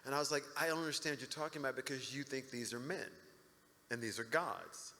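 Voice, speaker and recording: A middle-aged man, a guest at a convention panel, telling animated stories and acting out the people in them. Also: medium pitch, fast. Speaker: interview guest. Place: large convention hall. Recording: reverberant hall.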